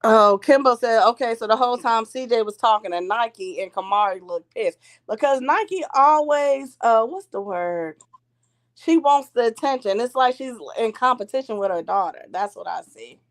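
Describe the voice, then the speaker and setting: A woman's voice: a little high, expressive, normal speed. A woman hosting a live online commentary stream, talking casually and animatedly with co-hosts, swearing freely and greeting people joining.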